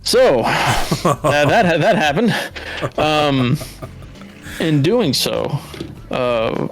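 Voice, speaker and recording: A slightly high-voiced man from Southern California spins casual stories as a podcast guest. He swears freely and jumps up in pitch to act out other people's lines. Faint music plays behind him. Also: extremely slow. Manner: animated, swears freely, acts out quotes in a raised voice. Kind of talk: casual storytelling.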